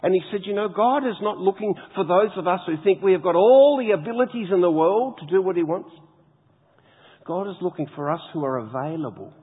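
A man preaching a sermon, reading scripture slowly and with heavy emphasis. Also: high voice, lively intonation, breathy edge. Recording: tinny phone-like sound with long hall reverb.

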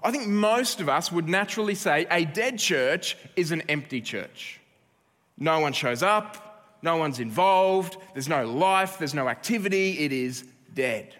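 A man's voice: on the high side, expressive, unhurried, fairly bright tone, in a large hall. A man preaching a sermon as pastor, conversational and with joking asides.

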